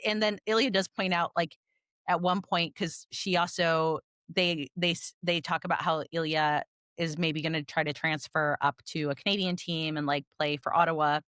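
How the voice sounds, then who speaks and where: Lowish woman voice, podcast cohost, wry laid-back recap, dry mic. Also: moderate pace, fairly bright tone, no room sound. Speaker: podcast co-host. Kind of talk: casual chat.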